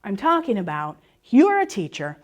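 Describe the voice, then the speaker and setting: A woman leading a workshop for teachers, explaining reading rules step by step with quick questions and answers. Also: medium pitch, huge pitch swings. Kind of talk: presentation to teachers and parents.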